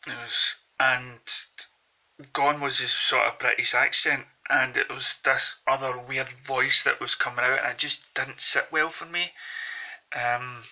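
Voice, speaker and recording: A man's voice: medium pitch, sharp tone, low-quality recording. A man with a Glaswegian accent, vlogging in a rambling, hesitant monologue into a phone held close.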